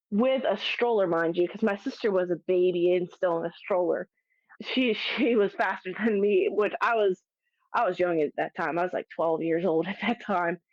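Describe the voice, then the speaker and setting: Animated woman telling a story, dull dry audio. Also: fairly low pitch, no room sound. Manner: animated, laughs often, restarts sentences. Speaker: guest. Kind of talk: casual storytelling.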